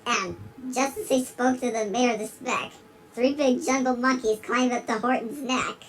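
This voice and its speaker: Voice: mid-range voice, normal speed, slight background noise, natural voice, low-quality recording. A performer voicing a giggly big-lipped alligator who gives a dramatic rhyming storybook reading. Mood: storytelling. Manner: reads in rhyme and keeps breaking into giggles.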